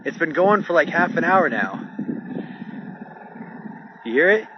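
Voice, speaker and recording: Man, higher voice, excited and uneasy, lively pitch; outdoor phone clip. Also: unhurried. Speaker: vlogger filming outdoors. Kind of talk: casual live narration to a phone call. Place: open field outdoors in stormy weather. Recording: dull phone recording with loud outdoor noise.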